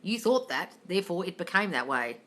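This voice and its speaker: This woman's voice sits on the low side yet sounds bright and forward, very animated and fairly quick. Hosting a casual live-stream Q&A from home, apparently on a phone, she reads viewer questions, answers them bluntly, swears readily, and calls listeners darling.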